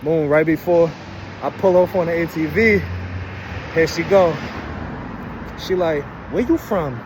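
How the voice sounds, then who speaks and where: Young man, Brooklyn accent, slightly high, laid-back slangy storyteller; clear street noise outdoors. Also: fairly even intonation, measured pace. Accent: Brooklyn, New York. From Brooklyn, New York. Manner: loose, slangy, heavy with "you know what I'm saying". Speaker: vlogger. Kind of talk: casual storytelling. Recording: noisy outdoor street recording.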